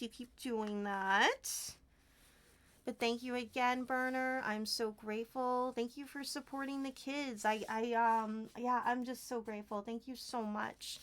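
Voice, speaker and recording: A woman's voice: on the high side, a bit bright. A woman streaming from a tiny room at home, chatting casually while she crafts, giggly and full of thanks. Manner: chatty, giggly and effusively grateful.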